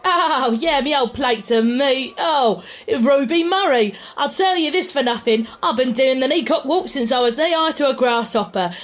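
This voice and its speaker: A woman acting out a rowdy Cockney street woman in a comedy audio sketch, her high voice rattling off rhyming slang in a wild, rambling patter. She sounds half mad and thoroughly pleased with herself. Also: moderate pace, hardly any pauses, close to an everyday voice. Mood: gleeful.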